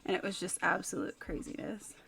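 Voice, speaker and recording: A woman's voice: lowish voice, fairly even intonation, fairly quick, gravelly, a bit bright. A woman in her thirties from California with a light Californian accent, chatting casually as a streamer, rambling and giggling between fillers. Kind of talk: casual chat.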